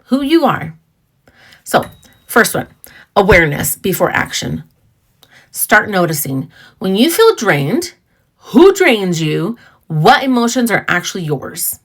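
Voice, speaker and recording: A woman's voice: fairly low pitch, a bit bright. Earnest woman hosting a healing talk. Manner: earnest and conversational, with personal stories and asides. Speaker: podcast host. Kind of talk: casual talk on emotional healing.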